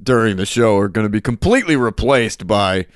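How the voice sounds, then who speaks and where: A man's voice: lowish voice, lively intonation, a little fast, no echo, studio quality. A man hosting a casual podcast, laughing often and joking with his co-hosts. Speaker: podcast host.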